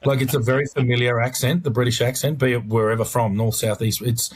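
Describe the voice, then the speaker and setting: A man's voice: mid-range voice, fairly even intonation, fast, slightly rough. A man co-hosting an interview podcast, chatting in a rambling, enthusiastic way with lots of restarts. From Australia. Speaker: podcast co-host. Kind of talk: casual interview chat.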